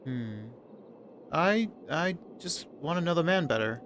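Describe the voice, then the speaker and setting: A man's voice: on the high side, lively intonation, a little slow, a bit bright, slight background noise. A man streaming a game, reading its narration aloud and chatting casually into a desk mic on an arm. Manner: casual, reads narration aloud, talks to himself. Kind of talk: let's play commentary and reading game text.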